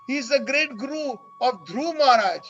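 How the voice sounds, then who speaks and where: A man's voice: very high voice, expressive, normal speed, fairly bright tone. A man delivering a devotional story sermon as a religious storyteller, earnest and dramatic. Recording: dull lo-fi with faint music.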